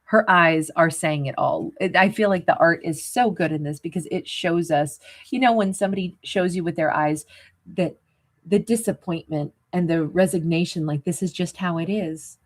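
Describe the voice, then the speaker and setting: A woman's voice: lowish voice, normal speed. Woman rambling through a tarot reading. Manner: rambling and conversational, many asides; chuckles at her own jokes. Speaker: tarot reader. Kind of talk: casual tarot reading monologue.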